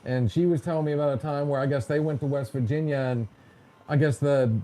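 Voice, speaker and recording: A man with a fairly high, warm, steady voice hosts a casual podcast at a brisk clip. He tells stories in a chatty, joking manner, imitating other people when quoting them.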